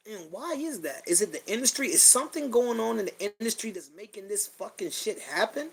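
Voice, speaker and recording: A middle-aged man with a fairly high-pitched voice talks bluntly into his podcast mic. He swears freely and circles back on his own phrases as his feeling rises and falls. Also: animated, a little fast, vocal fry, hardly any pauses, breathy edge, rough recording. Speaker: podcast host. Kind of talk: blunt personal monologue.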